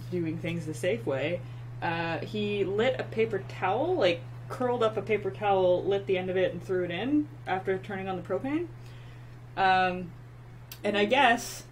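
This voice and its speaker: A woman co-hosting a casual talk show tells stories with lots of animation. She gets loud as she acts out her anger. A faint noise and hum sit behind her voice. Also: medium pitch, rough recording. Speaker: podcast co-host. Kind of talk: casual storytelling chat.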